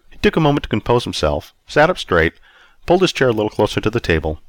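A man's voice: fairly low pitch, very animated, fast, no room sound. A man narrating a first-person story aloud in a wry, self-mocking way. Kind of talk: audiobook reading.

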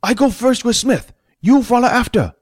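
A man's voice: very high voice, animated, moderate pace, dry recording, clean studio sound, pitched above the performer's own voice. A man voicing a bossy leader who barks short, broken commands. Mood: urgent.

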